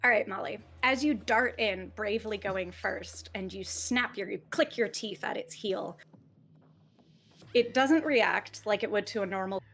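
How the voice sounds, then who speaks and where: A woman's voice: mid-range voice, unhurried, a bit bright, soft background music. A woman narrating as game master of a tabletop role-playing game, casual, vivid and playful.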